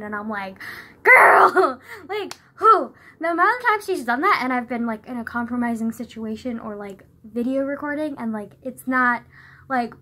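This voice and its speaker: A young woman vlogs from her bedroom into a phone camera, rambling loosely to camera with "like" in nearly every phrase and frequent laughter. Her voice is on the high side and a bit bright, with slight background noise.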